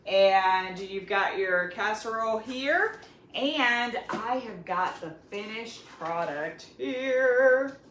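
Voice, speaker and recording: A woman with a Southern US accent walks viewers through a home-kitchen recipe in an unhurried, chatty way. Her voice rings in a roomy space with a faint hum of background noise. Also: mid-range voice, lively intonation, fairly bright tone. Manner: chatty, talks straight to viewers. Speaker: cooking video host. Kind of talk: casual cooking demonstration.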